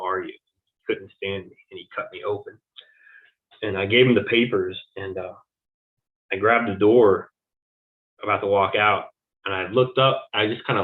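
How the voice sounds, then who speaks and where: A man recounts his own experiences in an interview, speaking in a halting way with frequent fillers and restarts. His voice sits fairly low. The sound is thin and narrow, like a phone call. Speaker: interview guest. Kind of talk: conversational recounting of personal experiences. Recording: tinny phone-like audio.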